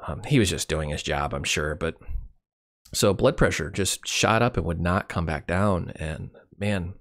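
A middle-aged man with a very low voice talks through his year in a loose, wry, rambling way, peppered with fillers. He sounds winded and worn out, pausing as if short of breath. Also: a bit bright. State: winded, tired. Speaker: channel host. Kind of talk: casual personal year-in-review.

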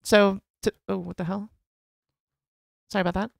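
A woman in a casual editing session, reading a story aloud and thinking out loud about its flaws with many restarts and asides. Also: mid-range voice, little pitch movement, normal speed, gravelly, dry recording. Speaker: story editor critiquing a submitted story.

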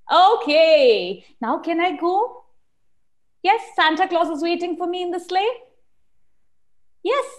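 Expressive woman teacher telling kids a story. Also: a little high. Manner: expressive, sing-song, asking children questions. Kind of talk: animated storytelling for young children.

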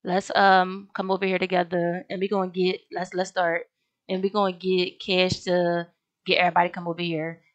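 A woman's voice: fairly low pitch, completely flat delivery, moderate pace, no echo, highs cut off. A young woman casually commenting on her game as she plays, chatty and slangy, often talking straight to her viewers. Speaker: gaming video host.

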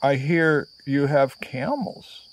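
A man's voice: fairly high pitch, expressive, takes it slowly. A man doing a prim, delicate Englishwoman. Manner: prim, polite, diplomatic. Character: delicate, well-mannered young Englishwoman traveler.

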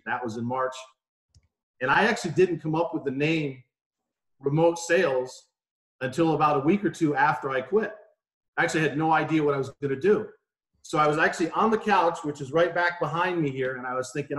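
A man's voice: a little high, normal speed, a bit bright, echoey room. A man in his forties, a podcast guest from New York, telling stories in a chatty, anecdotal way from his home. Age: 40s. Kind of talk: casual interview chat. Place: home room.

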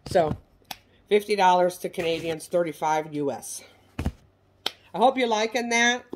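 A woman's voice: on the low side, measured pace, slight background noise. A middle-aged woman from the United States chatting casually as she shows handbags for sale, folksy and self-deprecating. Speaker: online reseller showing handbags. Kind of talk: casual product show-and-tell.

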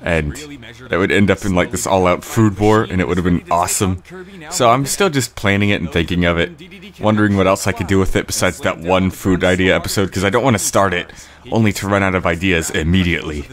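A man giving rambling casual commentary on his own video, clearing his throat with a cold. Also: low voice, fairly quick. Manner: rambling, frequent fillers and restarts. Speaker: creator giving episode commentary.

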